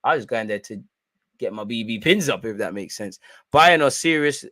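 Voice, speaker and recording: Speaking at a moderate pace in a mid-range voice, a Londoner in his twenties runs a live football watchalong. The sound has no echo. Between match commentary and banter, he spins lively, slang-heavy stories.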